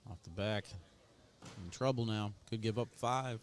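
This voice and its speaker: A man's voice: fairly low pitch, unhurried, a little hiss or hum. A man giving casual, chatty play-by-play commentary on a cornhole match, joking with his co-host.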